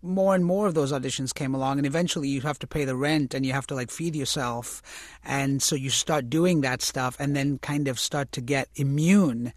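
A man being interviewed about his acting career, talking reflectively and correcting himself as he goes, turning lively when he tells stories. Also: medium pitch, moderate pace, no echo. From United States, immigrant family. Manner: thoughtful, self-correcting, animated when recounting stories. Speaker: interview guest, actor and author.

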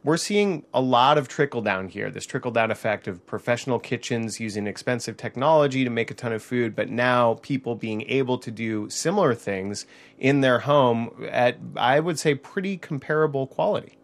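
A man's voice: medium pitch, normal speed. Chatty man explaining kitchen gadgets. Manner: chatty, explanatory, laughs easily. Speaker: technology reporter. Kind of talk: casual on-air chat. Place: small apartment kitchen.

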